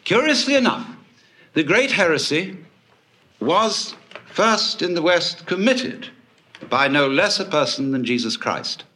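A man giving a public lecture to an audience, telling stories in a wry, animated way with swooping emphasis. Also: a little high, unhurried.

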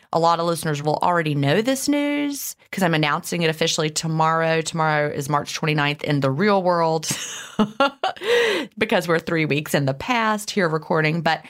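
A woman's voice: sits low, fairly bright tone. A woman co-hosting a podcast, talking casually and emotionally, with laughs and restarts. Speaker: podcast co-host.

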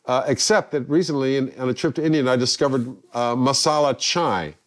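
An older man from England, a guest telling anecdotes in a lively way and acting out the people he quotes. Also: mid-range voice, brisk. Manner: lively, acts out quoted voices. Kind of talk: anecdotal storytelling.

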